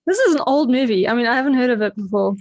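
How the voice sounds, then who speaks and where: A woman's voice: a little high, expressive, rapid-fire, a crowd in the background. Chatty South African woman, slightly dull sound. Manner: chatty, rambling with fillers and laughs. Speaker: podcast guest, beatmaker. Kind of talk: casual chat.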